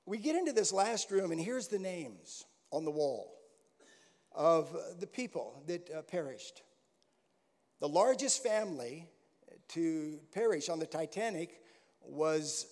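Heard in an echoey recording from a large church hall, an older American man preaches a sermon as a guest pastor. His voice is high with a darkish tone, and his storytelling is folksy with many restarts.

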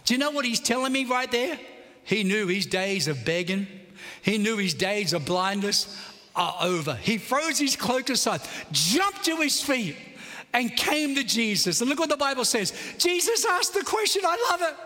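A man's voice: very high voice, sing-song, moderate pace, bright, forceful tone, big-room sound. A male pastor preaching a fervent sermon and urging his congregation to respond.

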